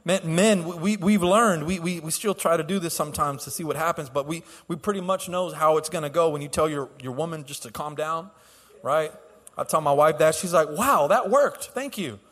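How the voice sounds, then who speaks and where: A man's voice: on the high side, steady tone, fairly quick. A man preaching a sermon as pastor, telling stories casually with restarts and laughs, then building to fervent exhortation. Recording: long hall reverb.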